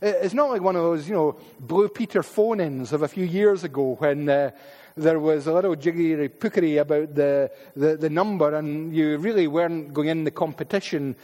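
High-voiced Scottish preacher in a reverberant hall. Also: male voice, moderate pace, warm tone. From Paisley, Scotland. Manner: emphatic, with frequent word repeats and asides. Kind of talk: sermon.

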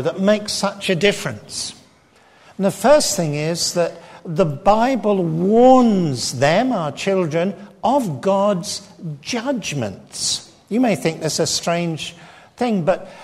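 An English man preaching a sermon, emphatic and sometimes speaking directly to children. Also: high-pitched. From England. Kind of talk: sermon with slides. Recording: long hall reverb.

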